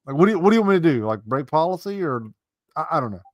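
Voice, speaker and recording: A man's voice: a little high, big pitch swings, no room sound, dull audio. A man chatting casually about army training, often stumbling and repeating words. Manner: halting, repeats words, quick asides. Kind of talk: casual chat.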